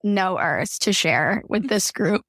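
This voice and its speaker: A woman's voice: medium pitch, lively intonation, takes it slowly, fairly bright tone, no echo, clean studio sound. A woman guest on a chatty podcast, upbeat and nerdy. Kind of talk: casual podcast chat.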